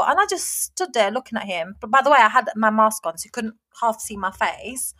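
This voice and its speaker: A woman in her thirties chatting casually with a high, bright voice. She tells her stories with animated indignation. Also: brisk, hardly any pauses. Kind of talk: casual chat.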